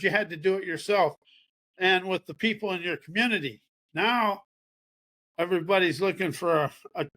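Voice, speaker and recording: Folksy, high-voiced man preaching self-help. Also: bright, forceful tone. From American Midwest farming region. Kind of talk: motivational talk.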